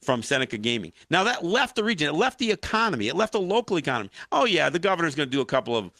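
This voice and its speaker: A man hosts a political talk show, his voice bright and edged. His pitch leaps around as he presses his case with fired-up restarts. The sound is dry and close, with no room around it. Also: racing, dry recording. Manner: animated, impassioned commentary with frequent restarts.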